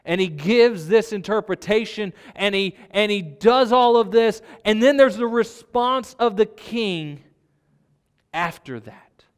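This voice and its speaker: A man's voice: high-pitched, lively intonation, takes it slowly, clear, resonant tone, in a large hall. A man preaching a sermon in a conversational way, asking his listeners rhetorical questions. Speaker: pastor.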